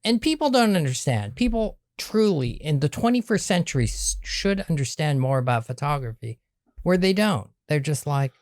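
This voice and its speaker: A man's voice: a little high, sing-song, normal speed, darkish tone, no room sound, clean studio sound. A man, a photographer, talking earnestly and emphatically in a casual podcast chat. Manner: earnest, emphatic, repeats himself. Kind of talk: casual conversation.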